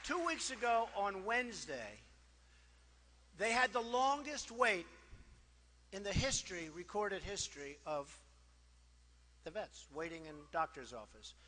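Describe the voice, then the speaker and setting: A political candidate delivers a campaign rally speech in a large hall, boastful, repetitive and conversational, full of asides. His high, expressive voice is bright and forceful, unhurried, with frequent pauses. Long reverb from the PA fills the hall.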